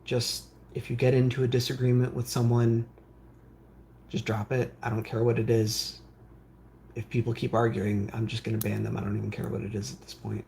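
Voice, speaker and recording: A man's voice: mid-range voice, flat delivery, moderate pace, vocal fry, a little mellow, a little hiss or hum. A man hosting a live stream from his workbench, reading viewer comments aloud and answering them in a rambling way with lots of fillers. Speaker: streamer building game consoles. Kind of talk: casual live-stream chat.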